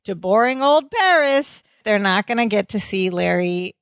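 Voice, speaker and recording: A woman's voice: medium pitch, lively intonation, moderate pace, clean tone, no room sound, studio quality. A woman co-hosting a podcast, casually retelling a sitcom episode and laughing often. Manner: chatty, laughing, retells scenes with quoted lines. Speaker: podcast co-host. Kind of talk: casual rewatch podcast recap.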